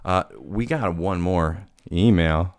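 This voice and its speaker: A man's voice: sits low, slow, clear, resonant tone, no echo, studio quality. A man hosting a podcast, telling rambling, self-deprecating stories in casual chat. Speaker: podcast host.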